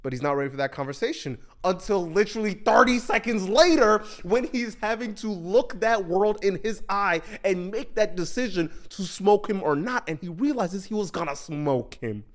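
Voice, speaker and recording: A man recapping a TV show in casual commentary, talking in an animated, slangy way and often repeating himself. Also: high voice, moderate pace, few pauses.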